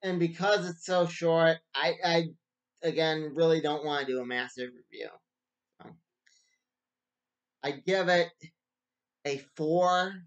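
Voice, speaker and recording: A man with a slightly high voice talks slowly through a casual book review. He rambles and keeps stopping to restart his sentences. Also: steady tone, highs cut off. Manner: rambling, stop-start with many restarts.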